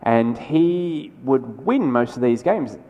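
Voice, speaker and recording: A man giving a conversational, energetic conference keynote, with quick asides and restarts. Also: mid-range voice, lo-fi sound. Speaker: keynote speaker. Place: large lecture hall. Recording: lecture hall with long reverb.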